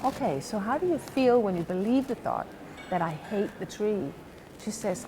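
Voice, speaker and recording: A woman coach, outdoors at a museum park, calmly telling a story about a client session and quoting both sides of the dialogue. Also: medium pitch, moderate pace, background noise. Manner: calm, retelling a coaching session with quoted dialogue. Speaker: house coach. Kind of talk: storytelling monologue to camera.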